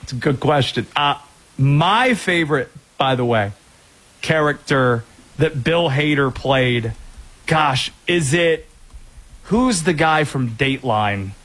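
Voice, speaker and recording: A man hosting a sports talk show, chatting in a loose, digressive way with quick asides. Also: fairly high pitch, lively intonation, a bit bright, rough recording. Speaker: sports radio host.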